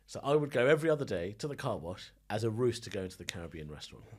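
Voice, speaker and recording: A man's voice: on the low side, big pitch swings, racing, breathy edge. A male comedian guest telling funny anecdotes in a casual podcast chat, with the odd swear word.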